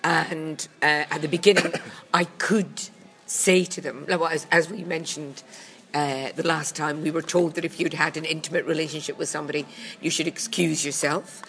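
A woman's voice: low voice, fairly even intonation, normal speed, fairly bright tone. A woman, a comedy critic co-hosting a casual chat, dry and blunt in manner. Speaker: comedy critic and podcast co-host.

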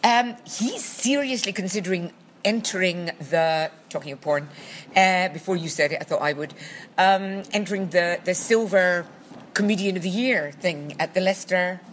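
A Scottish woman co-hosting a podcast in casual chat, dry and teasing, with drawn-out asides. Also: fairly low pitch, slight background noise. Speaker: podcast co-host.

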